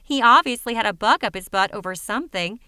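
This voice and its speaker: A woman's voice: fairly high pitch, lively intonation, quick pace, bright, forceful tone, clear, resonant tone, no room sound, studio quality. A woman voicing a level-headed friend who answers in a wry, matter-of-fact way. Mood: consoling.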